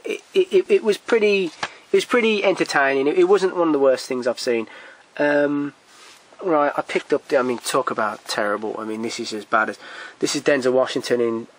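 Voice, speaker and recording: A man's voice: medium pitch, no echo. A man casually chatting about films he has bought, rambling with frequent restarts and stammered repeats, blunt and given to swearing and chuckling. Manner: blunt, swears, chuckles at his own stories. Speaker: video collector reviewing his purchases. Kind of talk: casual film chat.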